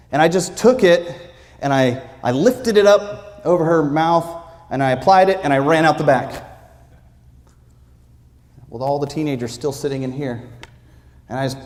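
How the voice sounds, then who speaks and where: A man preaching, telling a lively personal story with acted-out quotes in a church. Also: fairly high pitch. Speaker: pastor. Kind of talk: sermon storytelling. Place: church sanctuary. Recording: long reverb of a church sanctuary.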